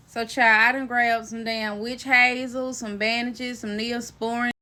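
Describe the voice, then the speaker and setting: A young woman telling a personal story to her viewers in a casual, animated, slangy way, cursing freely and calling the audience "y'all.". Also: on the high side, normal speed, hardly any pauses. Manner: swears freely and laughs while telling the story.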